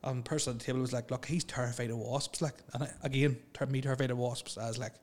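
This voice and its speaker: A man's voice: medium pitch, fairly even intonation, very fast, darkish tone. A man, telling a funny story in a rambling, hesitant way with lots of fillers. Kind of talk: casual storytelling.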